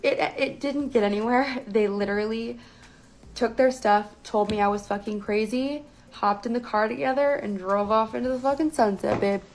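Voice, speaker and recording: A young woman tells a personal story in a loose, chatty way, swearing freely and leaning hard on key words. Her voice sits a bit high for a woman, and her delivery is animated and emphatic. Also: normal speed, slight background noise, low-quality recording. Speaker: guest. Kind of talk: casual storytelling.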